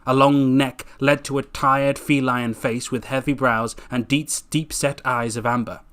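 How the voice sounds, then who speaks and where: A man's voice: mid-range voice, steady tone, unhurried, a bit bright, smooth. A man reading his own book aloud casually, tripping over words and correcting himself with jokey asides.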